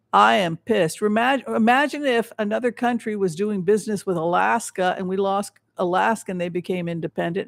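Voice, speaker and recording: High-voiced gravelly man, rambling. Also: no echo. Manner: rambling with frequent restarts, emphatic. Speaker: psychic show host. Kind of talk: livestream tarot and remote-viewing commentary.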